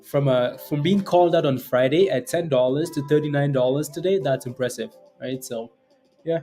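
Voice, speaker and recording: A man hosting a live trading stream, chatting casually with viewers, repeating phrases and filling gaps with ums and quick laughs. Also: on the high side, mellow, faint music behind. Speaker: stock trading livestream host. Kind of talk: casual live commentary answering chat.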